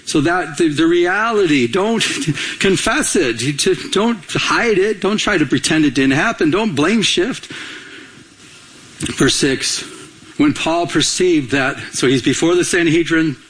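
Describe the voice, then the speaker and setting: A male pastor preaching a sermon in an animated way, acting out everyday dialogue and repeating himself as he talks. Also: fairly high pitch, measured pace. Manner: animated, acts out quoted dialogue, frequent repetitions.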